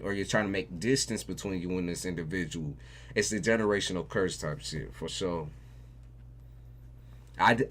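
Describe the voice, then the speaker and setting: A man's voice: deep voice, a bit bright. A man giving a tarot reading on a livestream, talking casually and profanely, often repeating phrases for emphasis. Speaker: tarot reader.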